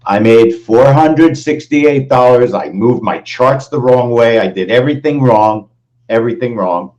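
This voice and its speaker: Slow, emphatic male trading host. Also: mid-range voice, dull audio. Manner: emphatic, repeats his phrases, animated. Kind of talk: live-stream trade recap.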